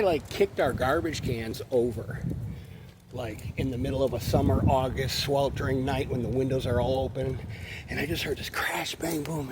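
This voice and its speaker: A man, rambling casually through childhood stories, swearing freely as he walks his dog outdoors. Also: a little high. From Western New York. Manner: profane, meandering, laid-back. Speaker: vlogger. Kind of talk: rambling personal storytelling. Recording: traffic noise behind.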